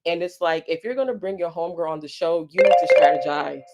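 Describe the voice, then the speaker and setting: Brief: female caller, low-ish voice, emphatic casual opinion. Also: quick pace, highs cut off, over loud music. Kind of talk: casual call-in comment.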